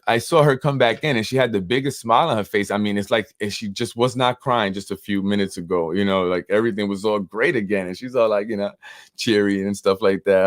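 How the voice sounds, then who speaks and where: Rambling low-voiced New York man. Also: no echo, clean studio sound. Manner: rambling storytelling, many fillers. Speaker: host of a local politics show. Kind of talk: casual live-stream commentary.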